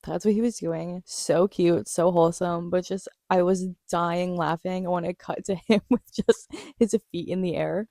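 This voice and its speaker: Young female vlogger, animated and gushing, mellow low tone, dry close-miked sound. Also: dry recording. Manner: gushing, animated, swears casually, laughs often. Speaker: vlogger recapping a TV episode. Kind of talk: casual excited recap chat.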